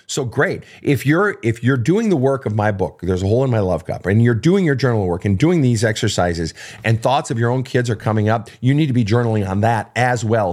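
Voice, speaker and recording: A man hosting an unscripted advice show, answering listener questions in a blunt, emphatic way, with frequent profanity and repetition. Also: mid-range voice.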